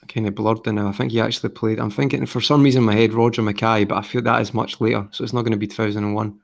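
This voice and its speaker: A man plays a football quiz on a casual podcast, sighing and hesitating as he thinks aloud. His fairly low voice has a gravelly rasp. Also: little pitch movement, rapid-fire. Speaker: quiz contestant.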